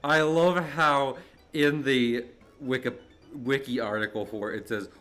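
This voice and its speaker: A man's voice: medium pitch, fairly even intonation, a little slow, fairly bright tone. A man from New Jersey streaming live in a casual chat, rambling, laughing often and swearing now and then.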